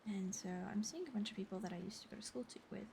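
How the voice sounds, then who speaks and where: A young woman whispering softly on an ASMR livestream, chatting and giggling with viewers as she thanks them and tells a story. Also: medium pitch, very fast, vocal fry, slight background noise. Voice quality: soft whispery voice. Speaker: streamer. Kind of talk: whispered ASMR stream chat.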